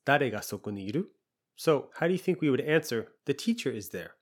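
A man teaching a language lesson, patiently explaining and repeating example phrases slowly. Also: mid-range voice, very animated.

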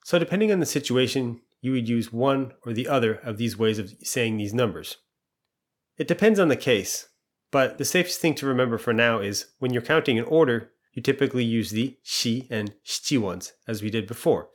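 Calm and evenly paced, a man lays out each point of a language lesson clearly, pausing for quiz questions and then going over the answers. He speaks at an ordinary middle pitch, patient and methodical.

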